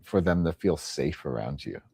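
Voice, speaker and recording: Young male podcast host, very deep and warm, easygoing and profane. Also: lively intonation, moderate pace, gravelly, husky. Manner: laid-back, swears casually, trails off. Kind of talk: casual chat.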